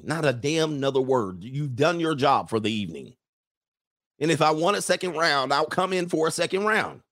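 A man lecturing bluntly as a relationship coach on a live-streamed show. He jokes provocatively, jumping between loud bursts and low muttered asides. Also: no echo, studio quality.

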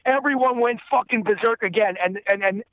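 High-voiced man telling rambling stories. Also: a little fast, no room sound, phone-quality sound. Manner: rambling, repeats himself, lots of swearing. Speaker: guest voice actor. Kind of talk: profane anecdote telling.

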